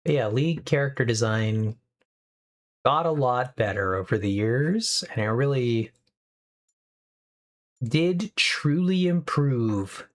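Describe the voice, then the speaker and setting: A young adult live streamer chatting casually and rambling with upbeat asides, from a home streaming setup. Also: medium pitch.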